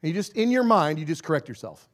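A man's voice: fairly high pitch, fast. A man preaching a sermon with lots of energy and humor. He acts out short scenes in different voices and laughs often between his points. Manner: animated and playful, acting out little scenes, often laughing.

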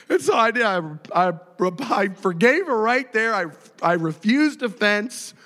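A man's voice: high voice, normal speed, in a large hall. A man in his thirties preaching a sermon, telling stories and acting out the voices in them. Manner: animated storytelling, acting out voices. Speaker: pastor.

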